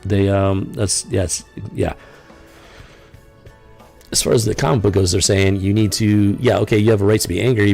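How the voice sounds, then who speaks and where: A man's voice: fairly low pitch, fairly even intonation, normal speed, creaky, pauses often, a little mellow, soft background music. A man hosting a live stream, commenting casually and rambling with lots of fillers and incredulous asides. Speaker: podcast host.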